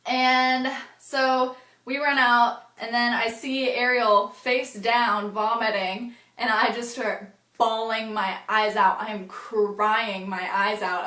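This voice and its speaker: A young woman with a fairly high voice rambles through a casual vlog story, dropping "like" every few words and swearing freely. The recording has a noticeable roomy echo, as if she is talking in a bare room. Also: fairly even intonation, unhurried, pushed and bright. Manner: rambling, frequent "like" fillers and swearing. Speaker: vlogger. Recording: echoey room.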